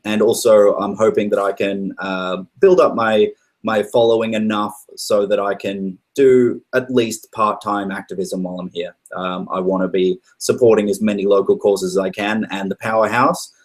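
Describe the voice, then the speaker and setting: Man from Australia, lowish voice, podcast guest, relaxed, rambling, many restarts. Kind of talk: casual podcast chat.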